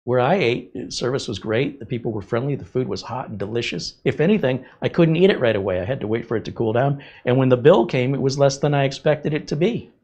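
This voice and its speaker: A middle-aged man hosting a casual live stream, telling stories in an animated way and laughing often. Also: medium pitch, quick pace, few pauses. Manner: animated storytelling, frequent laughter. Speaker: host.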